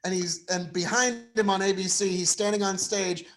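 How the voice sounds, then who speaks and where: A man's voice: sits high, steady tone, normal speed. A man co-hosting a casual live stream, riffing sarcastically on debate clips with many filler words. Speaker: co-host of live stream commentary.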